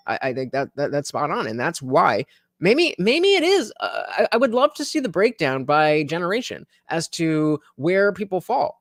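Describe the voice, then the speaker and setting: A man's voice: fairly high pitch, a bit bright, no echo, clean studio sound. A man hosting a casual political livestream, thinking aloud with many fillers and restarts as he reads chat comments. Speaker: livestream host.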